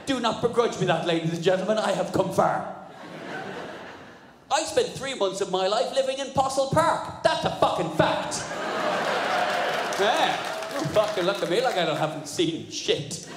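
A man's voice: high-pitched, normal speed, pauses often. A man, performing a sardonic, sweary stand-up routine at a live comedy venue on a stage mic. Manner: sardonic, sweary, animated storytelling. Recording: echoey live room with audience noise.

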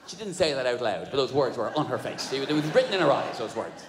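A man's voice: mid-range voice, quick pace, hardly any pauses. A man, performing a sardonic, sweary stand-up routine at a live comedy venue on a stage mic. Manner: sardonic, sweary, animated storytelling. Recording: echoey live room with audience noise.

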